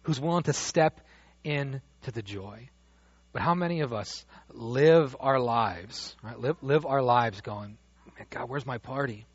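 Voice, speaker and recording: A man preaching a sermon as pastor, animated, dropping to a hush and rising loud as he acts out the father's words. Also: mid-range voice, slow pace, breathy edge, no room sound. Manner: animated, swings from hushed to loud when quoting the father. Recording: dull dry lo-fi sound.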